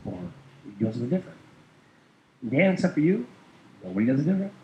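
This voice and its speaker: A man's voice: a little high, big pitch swings, fast, dark tone, slight background noise. Rambling man in a roomy lo-fi recording. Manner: rambling, many fillers, chuckles while telling. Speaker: guest. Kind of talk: casual storytelling chat. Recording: roomy, dull lo-fi sound.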